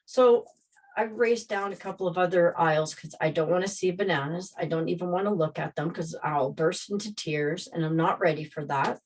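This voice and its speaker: Low-voiced woman telling a story. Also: moderate pace. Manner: rambling, animated, re-enacts scenes. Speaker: vlogger telling a personal story. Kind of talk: casual personal storytelling.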